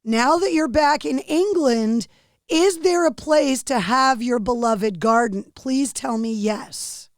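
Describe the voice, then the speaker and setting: A woman hosting a podcast interview, friendly and quick to laugh with her guest. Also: sits high, no echo, clean studio sound. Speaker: podcast host.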